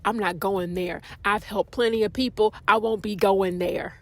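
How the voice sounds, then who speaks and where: A woman's voice: medium pitch, fairly even intonation, moderate pace, a bit bright, a little hiss or hum, natural voice. A woman voicing an older man who stiffly apologizes and defends himself, in a firm and clipped way. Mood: defensive.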